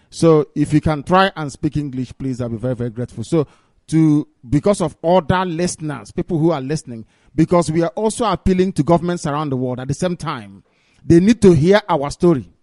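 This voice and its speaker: A man's voice: fairly high pitch, brisk, a little mellow, no echo, studio quality. Polite man hosting a call-in radio meeting. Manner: polite, repeatedly thanking and urging speakers to use English. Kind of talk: live radio call-in broadcast.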